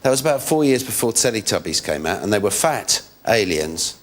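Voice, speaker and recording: A comedian in his late thirties, appearing as a guest on a chat show, jokes around and slips into squeaky character voices. He's very animated and speaks fairly quickly, recorded in a TV studio with an audience.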